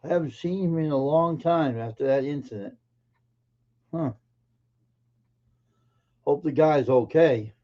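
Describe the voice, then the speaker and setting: A man's voice: a little high, unhurried, pauses often, dark tone, highs cut off. A man hosting a live stream in casual chat, greeting viewers by name and teasing them in an offhand way.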